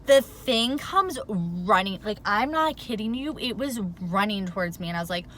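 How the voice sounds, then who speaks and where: Flustered woman with a bright voice. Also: mid-range voice, normal speed, hardly any pauses, slight background noise. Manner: animated, rambling, says "like" a lot. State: flustered and worked up. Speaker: vlogger. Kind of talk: casual storytime vlog. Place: in her car.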